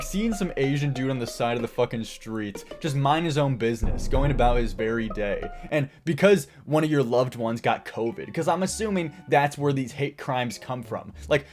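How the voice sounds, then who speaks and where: A man hosting his own channel, delivering a profane, rambling commentary rant and laughing often between points. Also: mid-range voice. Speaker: channel host.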